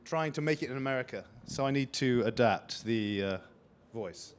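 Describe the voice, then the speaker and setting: Brief: British man, gentle soft voice, hesitant, mid pitch. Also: lively intonation, normal speed. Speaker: audience volunteer.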